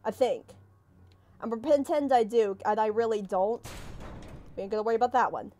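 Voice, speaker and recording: A young woman playing a horror game, panicking, swearing and yelping as something chases her, then talking herself calm. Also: on the high side, a little fast. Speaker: gaming streamer. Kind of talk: let's play commentary. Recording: faint game music behind.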